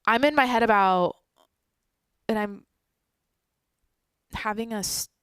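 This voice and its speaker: A young woman hosting a solo daily podcast, tired and sleepy, rambling and swearing, jumping from loud outbursts to near-whispers. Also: fairly high pitch, slow pace, clean tone, dry recording. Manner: rambling, profane, swings between loud bursts and near-whispers. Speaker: podcast host.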